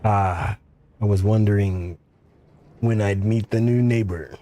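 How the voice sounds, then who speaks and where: A man voicing a pleasant, cultured male engineer with a faint Russian accent, speaking politely and in a measured way. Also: fairly low pitch, steady tone, dark tone, soft background music, natural voice. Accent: faint Russian, put on.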